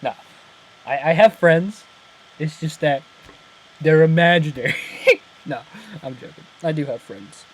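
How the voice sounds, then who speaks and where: A man's voice: a little high, a little slow, pauses often, husky, low-quality recording. A young man in casual chat, breaking down a TV episode, rambling and correcting himself and laughing at his own slips. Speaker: channel host breaking down an episode.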